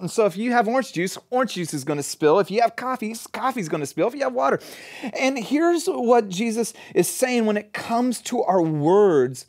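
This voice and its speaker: Middle-aged male pastor, conversational sermon, earnest and animated. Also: high voice, normal speed. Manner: earnest, animated, with everyday examples.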